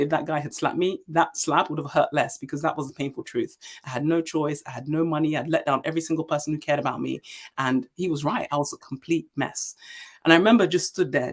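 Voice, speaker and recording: A woman in her forties from Nigeria, a leadership speaker telling her story as a guest in an interview, emphatic and animated. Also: sits low, breathy edge. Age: 40s.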